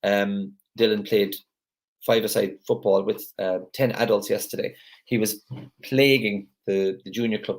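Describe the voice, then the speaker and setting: A man's voice: fairly low pitch, steady tone, unhurried, darkish tone. A man leading a gratitude group on a live video call, talking casually in a chatty, rambling way with lots of restarts.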